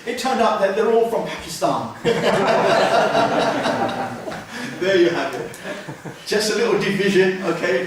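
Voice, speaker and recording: A man giving a humorous, anecdotal lecture in a mosque, telling stories with lively swings in volume. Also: a little high, a little hiss or hum. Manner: storytelling, humorous asides, lively shifts in volume. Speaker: Islamic lecturer. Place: mosque hall. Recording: very echoey hall, distant mic.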